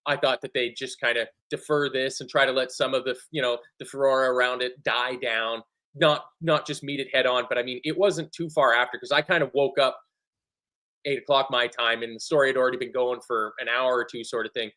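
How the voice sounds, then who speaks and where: A man co-hosting a football fan show in casual chat, animated and sweary, often acting out other people's lines. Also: mid-range voice, brisk. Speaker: football podcast co-host.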